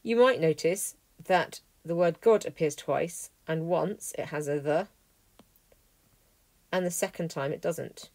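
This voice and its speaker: A woman teaching a language lesson, explaining clearly and methodically, working through a text word by word. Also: deep voice, a little slow, darkish tone, dry recording. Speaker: Greek teacher. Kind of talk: lesson walkthrough.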